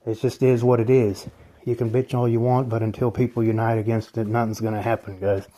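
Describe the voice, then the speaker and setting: A man delivering an angry, profane vlog rant at middle pitch. He talks in a bitter, scornful way and breaks into short mocking laughs as he complains about the world to his viewers. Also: flat delivery, brisk, warm tone. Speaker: channel host.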